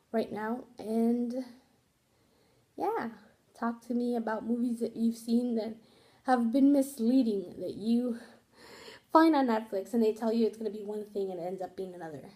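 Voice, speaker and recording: Young female vlogger, loose rambling chat, slightly high, mellow tone. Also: fairly even intonation, unhurried. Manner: rambling, candid, swears casually, frequent fillers. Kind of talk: casual rambling vlog.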